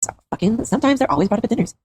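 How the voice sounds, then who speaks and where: A woman's voice: a little high, lively intonation, very fast, a little mellow, a little hiss or hum. A woman co-hosting a casual podcast, swearing often and acting out her own inner voice. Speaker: podcast co-host. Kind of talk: casual chat.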